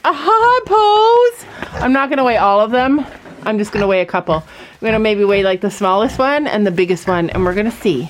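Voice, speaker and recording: A woman's voice: medium pitch, fast talker, a little hiss or hum. A woman in her thirties chatting and giggling to viewers while doing chores outdoors in a snowy farm pen, recorded on a handheld camera. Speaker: farm vlogger. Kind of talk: casual vlog chat.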